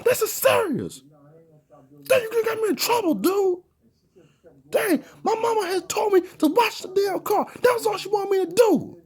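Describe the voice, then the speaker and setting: A panicked teenage boy wails in a shrill, cracking voice. His pitch swoops wildly and his whiny rant edges toward tears and shouting. It sounds like a kid terrified of getting in trouble. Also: lively intonation, moderate pace. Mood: pleading. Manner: high-pitched, whiny, half-crying rants. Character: frantic teenage boy panicking over his mom's car.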